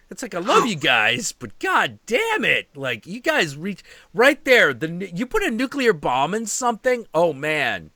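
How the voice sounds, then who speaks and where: Male streamer, animated swearing storyteller, bright voice with lively pitch, dry close sound. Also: a little slow, few pauses, no echo. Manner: animated storytelling with profanity and acted-out quotes. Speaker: stream host. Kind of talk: casual chat.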